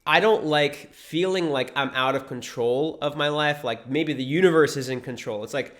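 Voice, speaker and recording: A man's voice: on the high side, moderate pace, fairly bright tone. A man talking casually and emphatically in an unscripted vlog monologue, swearing freely. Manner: casual, emphatic, swears freely, mocks views in put-on voices. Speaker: vlogger.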